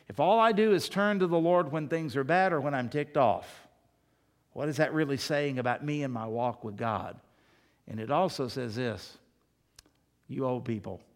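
Man, pastor, middle-aged, preaching, emphatic, fairly high-pitched. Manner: emphatic, rises high when pressing a point. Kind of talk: sermon.

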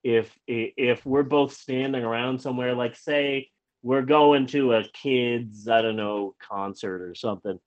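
A man casually telling a personal story, animated, stumbling over and repeating words, and swearing freely. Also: mid-range voice, unhurried, muffled recording. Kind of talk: casual anecdote.

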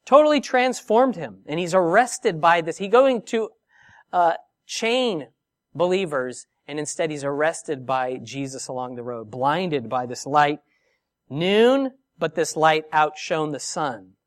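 A man's voice: fairly high pitch, unhurried. Emphatic preaching man. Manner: expressive, emphatic preaching with rhetorical questions. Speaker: pastor. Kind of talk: sermon.

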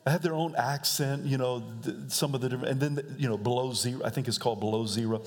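Joking preacher in a reverberant hall. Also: male voice, mid-range voice, fairly even intonation, fast. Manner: joking, conversational, laughs often. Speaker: pastor. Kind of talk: sermon. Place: church sanctuary.

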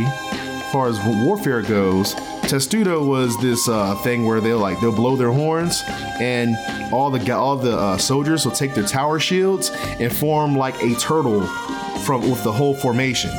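A man hosting a casual solo podcast from his bedroom, talking in a loose, rambling way with many fillers and restarts. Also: medium pitch. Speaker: podcast host. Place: bedroom at home.

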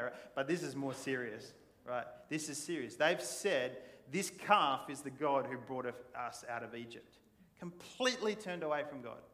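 A man preaching a sermon, telling the story in a casual, animated way and acting out the people in it. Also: mid-range voice, normal speed. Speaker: pastor. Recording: long church hall reverb.

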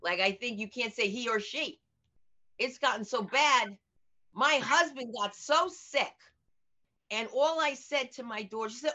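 A middle-aged American woman comedian and teacher, telling stories in an animated, outspoken way during an interview. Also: fairly high pitch, a little slow. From United States. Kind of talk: conversational interview over video. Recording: dull lo-fi audio.

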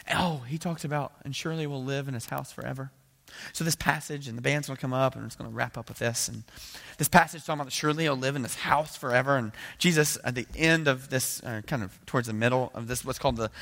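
A male pastor preaching a sermon in a casual, conversational way, acting out dialogue with bursts of rising energy. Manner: animated, acts out biblical dialogue with rising pitch and volume.

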